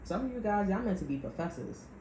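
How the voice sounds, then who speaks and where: A woman's voice: mid-range voice, animated, fast talker, warm tone, reverberant, slight background noise, low-quality recording. A woman giving a tarot reading, talking to her viewers in a blunt, profane, sassy way. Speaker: tarot reader. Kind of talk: casual spiritual reading monologue.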